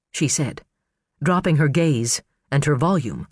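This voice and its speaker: A man narrating an audiobook thriller in an expressive, dramatic storytelling manner. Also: a little high, moderate pace, no echo, clean studio sound. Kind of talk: scripted narration.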